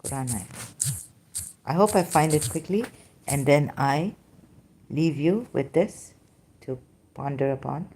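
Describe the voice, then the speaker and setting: A woman giving an informal lecture, reading scripture verses aloud in halting, non-native English phrasing. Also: deep voice, expressive, warm tone, breathy edge. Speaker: religious critic presenting scripture.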